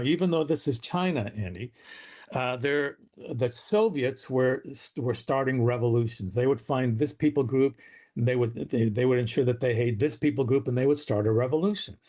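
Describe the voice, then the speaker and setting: A man's voice: mid-range voice, moderate pace, darkish tone. A man, a guest author, telling a family story in a podcast interview, acting out the quoted voices.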